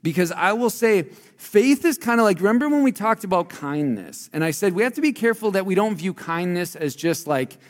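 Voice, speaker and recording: A pastor giving a conversational sermon, shifting between loud emphasis and quiet, low asides. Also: male voice, animated, a little fast, few pauses, big-room sound.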